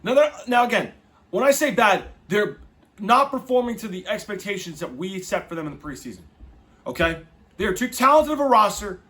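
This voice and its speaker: Fired-up, bright-voiced male sports podcaster. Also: high voice, very animated, moderate pace. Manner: exasperated, profane, emphatic. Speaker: podcast host. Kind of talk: casual sports podcast rant.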